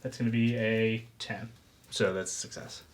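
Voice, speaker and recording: A man's voice: lowish voice, fairly even intonation, moderate pace, heavy background noise. A man playing a tabletop game, earnest, often speaking in character as his agent. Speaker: player.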